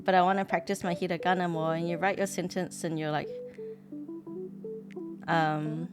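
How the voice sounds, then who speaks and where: A woman's voice: lowish voice, level tone, normal speed. A woman with a New Zealand accent, chatting casually on a live stream, reading lesson text aloud and reacting to it. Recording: background music track.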